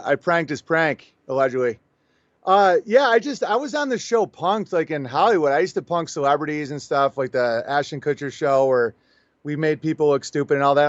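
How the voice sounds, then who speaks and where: A man appears as a guest on a show for a casual interview, animatedly telling a story and acting out both sides of a conversation. His voice is fairly high and moderately paced, and the audio is dull with no echo.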